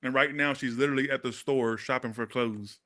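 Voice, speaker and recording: A man doing a casual tarot reading, talking straight to his viewers in a blunt, sassy, animated way. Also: medium pitch, fairly quick. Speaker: tarot reader.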